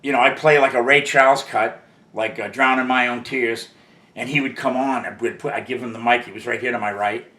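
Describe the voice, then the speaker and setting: A man's voice: medium pitch, fairly even intonation, brisk, sharp tone, echoey room. An older man, a record industry veteran, telling long rambling stories as an interview guest, swearing casually and leaning on "you know" asides. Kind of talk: casual storytelling.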